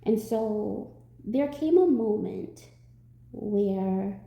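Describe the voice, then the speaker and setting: A woman, a tarot reader, telling a personal story to her viewers in a lively way, acting out what people said. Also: mid-range voice, very slow, gravelly, reverberant, highs cut off. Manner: animated storytelling, acts out quotes.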